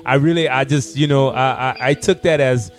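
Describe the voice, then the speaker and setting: A man, a shop owner telling animated stories in casual conversation, stumbling and restarting often. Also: medium pitch, moderate pace, faint music behind. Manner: animated anecdotes with repeated restarts. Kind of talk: casual storytelling.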